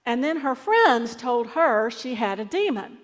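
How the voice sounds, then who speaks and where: A woman's voice: fairly high pitch, very animated, a little slow, big-room sound. A woman pastor giving a sermon in a conversational, storytelling way.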